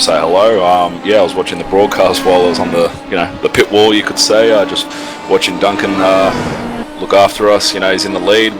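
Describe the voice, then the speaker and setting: Deep-voiced, upbeat guest. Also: male voice. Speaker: guest, race team member. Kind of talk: casual chat.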